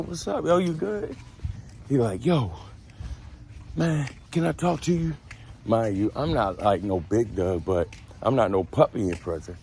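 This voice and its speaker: A fairly low-voiced young man tells prison stories in loose street slang, animated and casual, leaping up in pitch whenever he acts out a quote. Faint road noise hums behind him. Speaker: storyteller. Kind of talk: casual storytime monologue.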